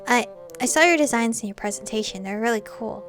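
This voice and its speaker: A woman's voice: a little high, brisk, fairly bright tone, soft background music, lightly acted. Woman reading as a shy stammering college guy. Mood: bashful. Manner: hesitant, stammering. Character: shy stammering young male student.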